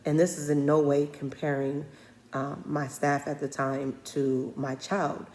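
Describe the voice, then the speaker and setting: Low-voiced woman telling a personal story. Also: measured pace. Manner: animated, laughing through the story, many fillers and restarts. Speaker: speaker; former high school principal. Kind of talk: storytelling talk.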